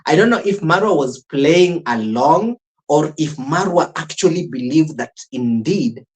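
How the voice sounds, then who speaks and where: A host reacting live to a clip, laughing between remarks and talking straight to the viewers in a loose, chatty way. The voice sits at a middle pitch for the speaker. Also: animated, measured pace. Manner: chuckles often, talks to chat. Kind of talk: live-stream reaction commentary.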